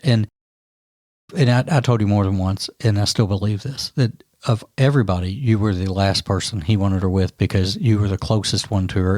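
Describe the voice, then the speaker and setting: A man's voice: fairly low pitch, darkish tone, dry recording, clean studio sound. A middle-aged man co-hosting a true crime podcast, talking thoughtfully with frequent restarts. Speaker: podcast co-host. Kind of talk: conversational true crime discussion.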